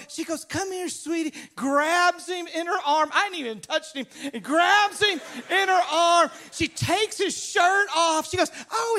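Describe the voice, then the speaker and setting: Preaching in a Southern US accent, this Louisiana man tells animated, humorous stories from the pulpit and performs the voices of the people in them. His voice is very high.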